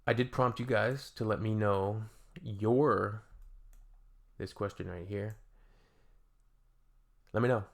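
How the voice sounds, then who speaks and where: Canadian man, lowish voice, gravelly texture, casual reaction commentary, dry joking asides. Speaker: reaction video host.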